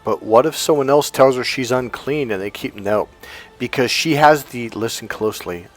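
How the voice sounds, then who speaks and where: A man's voice: medium pitch, no echo. A man talking as a life coach, telling stories and pressing his points through emphatic repetition in a casual motivational monologue.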